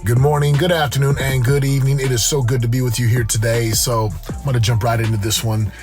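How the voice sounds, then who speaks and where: A middle-aged man hosting a show, giving an energetic motivational talk with lots of restarts and repeated words. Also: medium pitch, fast, music in the background. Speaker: podcast host. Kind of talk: motivational monologue.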